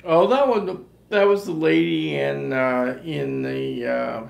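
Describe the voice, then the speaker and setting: A man's voice: on the high side, slow pace, gravelly. A man with an Ontario Canadian accent, co-hosting a casual live chat, matter-of-fact and fond of teasing corrections. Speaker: co-host. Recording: echoey room.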